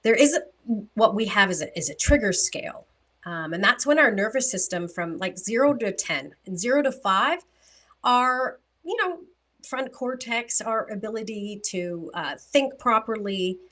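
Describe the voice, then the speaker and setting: A woman's voice: medium pitch, animated, moderate pace, fairly bright tone. A woman co-hosting a relationship podcast, speaking thoughtfully and asking clarifying questions in casual talk. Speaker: podcast co-host.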